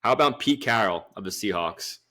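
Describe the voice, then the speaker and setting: A man's voice: fairly low pitch, animated, brisk, bright, forceful tone. A young man co-hosting a sports podcast, laid back and dry in his jokes. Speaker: podcast co-host. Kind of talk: casual sports chat.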